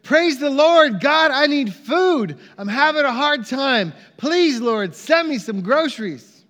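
A man doing a shouting, joyful old church lady. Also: extremely high pitch, lively intonation, takes it slowly, long reverb tail, pitched above the performer's own voice, full character voice. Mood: exultant. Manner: shouting praise. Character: bold, joyful elderly churchgoing woman.

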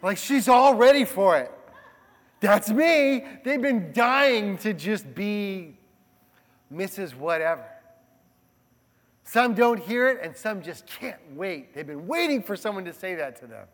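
A male pastor giving a sermon in a conversational, animated way, often checking in with the congregation. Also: sits high, measured pace. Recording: long hall reverb.

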